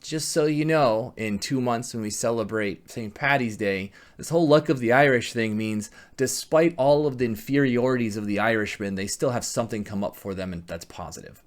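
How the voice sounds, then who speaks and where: Halting male history lecturer. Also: medium pitch. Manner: halting, frequent restarts and self-corrections. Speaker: history teacher.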